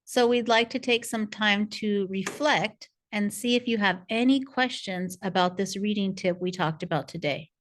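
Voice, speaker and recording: A woman's voice: medium pitch, normal speed, hardly any pauses. A woman narrating a parent workshop as a reading coach, in a patient, encouraging teacher tone. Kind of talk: scripted instructional narration.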